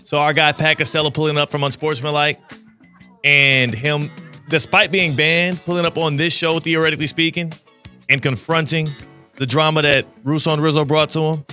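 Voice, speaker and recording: A man's voice: a little high, flat delivery, moderate pace, bright, forceful tone, soft background music. A man hosting a sports radio show, chatting and bantering casually with his co-hosts in a studio.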